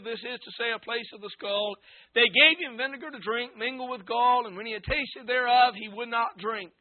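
A man preaching a sermon as a visiting preacher, reading scripture and praying, often rising to a shout. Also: extremely high pitch. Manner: shouting preacher cadence, fervent. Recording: tinny phone-like recording.

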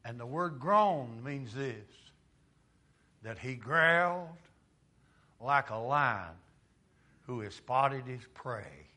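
Male preacher, bright forceful tone, dramatic swings between hush and shouting. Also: medium pitch, expressive, slow pace, pauses often. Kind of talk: sermon.

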